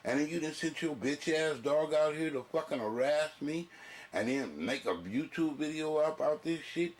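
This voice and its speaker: A man's voice: on the high side, normal speed, natural voice. A man voicing an angry wild male bear, indignant and profane, in his own casual voice.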